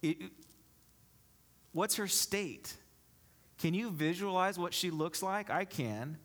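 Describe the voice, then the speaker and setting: A male pastor with a high, slightly bright voice takes his time as he preaches in church. He reads scripture aloud and explains it to the congregation with rhetorical questions.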